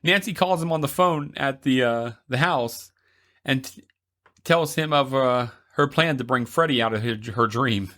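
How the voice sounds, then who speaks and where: Bright-voiced man recapping a movie. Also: mid-range voice, moderate pace. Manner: recaps the plot with laughs and asides. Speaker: podcast co-host. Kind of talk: casual movie recap chat.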